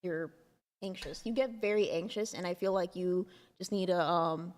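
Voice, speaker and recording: A woman's voice: lowish voice, normal speed, a little mellow, in a large hall. A woman co-hosting a casual podcast chat, blunt and teasing, swearing freely and filling gaps with "um" and "like.". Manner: blunt, teasing and profane, with frequent fillers. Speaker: co-host.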